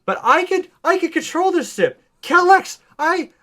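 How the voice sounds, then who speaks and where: Zod, a man doing a loud, high, boastful general. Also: sing-song, a little slow, exaggerated voice. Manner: shouting, boastful taunts. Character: arrogant furious alien general, male adult.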